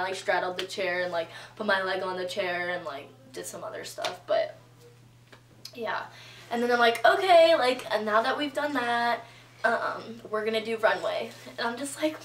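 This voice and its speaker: A woman's voice: medium pitch, fairly bright tone, distant mic, slight background noise. Young woman telling a chatty story in a roomy room. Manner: chatty, filler-heavy with lots of "like" and quoted reactions. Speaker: vlogger. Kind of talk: casual storytelling vlog. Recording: roomy echo, voice a bit off-mic.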